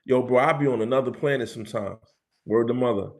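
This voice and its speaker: A man from the Bronx with a thick New York accent hosts a loose livestream chat. He talks in street slang and often says a phrase twice, in a mid-pitched voice. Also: quick pace, darkish tone. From New York City, the Bronx. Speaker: livestream host. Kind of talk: casual livestream chat with viewers.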